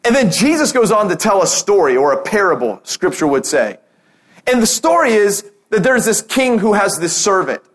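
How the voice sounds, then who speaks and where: A man preaching a sermon as pastor, telling a parable with lively acted-out quotes and rallying calls. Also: high voice, moderate pace. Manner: animated storytelling, acting out quotes.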